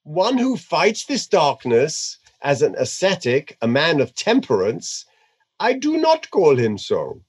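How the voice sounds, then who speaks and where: A man putting on an Indian accent to voice a male guru, reading slowly and deliberately with stressed words. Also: fairly high pitch, wildly swooping pitch, breathy edge, exaggerated voice. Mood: solemn. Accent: put-on Indian.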